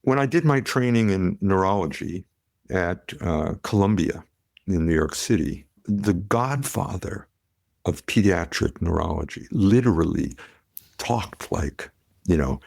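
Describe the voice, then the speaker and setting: A middle-aged man telling stories in a podcast conversation, animated, acting out quotes. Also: sits low, unhurried, vocal fry, no room sound, clean studio sound. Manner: animated storyteller, acts out quotes. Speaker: podcast guest, pediatrician. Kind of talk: conversational storytelling.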